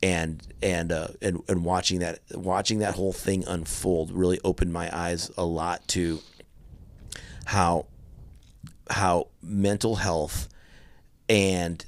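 A middle-aged man telling a personal story in an earnest, halting way, often restarting his sentences. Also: sits low, flat delivery, no room sound. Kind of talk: candid conversational storytelling.

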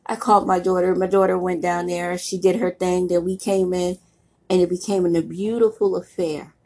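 A middle-aged woman gives a motivational talk, her voice husky and worn by a cold. She talks bluntly and plainly, in a preaching tone full of casual slang. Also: lowish voice, level tone, normal speed, mellow. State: voice roughened by a cold. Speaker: motivational speaker.

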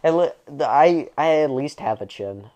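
A man's voice: a little high, expressive, normal speed, mellow. Young man, slight southern twang, laid-back, joking, crude, casual chat. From United States.

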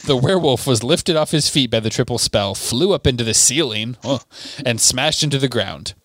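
A man reads a novel aloud at an even, steady pace, breaking off now and then for a quick aside. His voice is mid-pitched, and the sound is dry and close, with no room echo. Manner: steady, clear reading with small asides. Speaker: podcast host reading a novel aloud.

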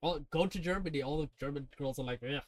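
A man's voice: on the high side, no echo. A young man from India co-hosting a podcast, chatting in crude, joking banter. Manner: crude, joking, quick to laugh. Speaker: podcast co-host. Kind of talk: casual banter.

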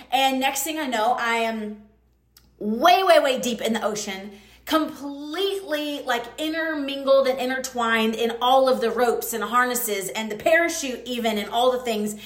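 Woman podcast host, high-pitched, chatty storyteller, roomy echo. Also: normal speed. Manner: chatty, animated, full of fillers and quoted asides. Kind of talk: casual storytelling monologue.

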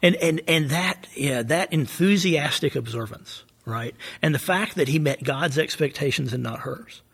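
A man's voice: on the high side, animated, normal speed, gravelly, a bit bright, slightly rough. A man with a Southern US accent discussing scripture in a casual Bible study conversation, often adding "right?" and laughing easily. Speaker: co-host of a Bible study podcast.

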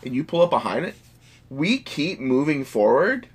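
A man's voice: fairly high pitch, big pitch swings, moderate pace, slightly rough. A man rambling through a story in casual chat, swearing freely.

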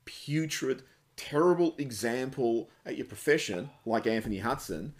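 A man's voice: medium pitch, animated, normal speed. A man co-hosting a casual sports podcast, blunt and sweary as he rants. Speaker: podcast co-host.

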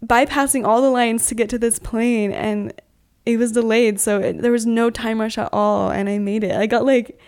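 A woman's voice: a little high, fairly even intonation, normal speed, darkish tone, clean tone. A young woman chatting as a podcast guest, telling travel stories in an upbeat way, with lots of "like". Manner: chatty, upbeat, heavy use of "like". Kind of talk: casual podcast storytelling.

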